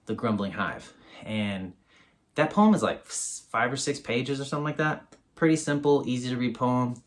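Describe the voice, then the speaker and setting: A man giving a casual, rambling book review on his video channel, full of fillers. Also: medium pitch.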